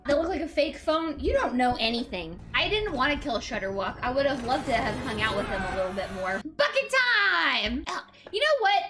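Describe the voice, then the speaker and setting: A woman streaming a card game, reacting excitedly, swearing and talking to her chat. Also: high-pitched, brisk, music in the background. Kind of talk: live gameplay commentary.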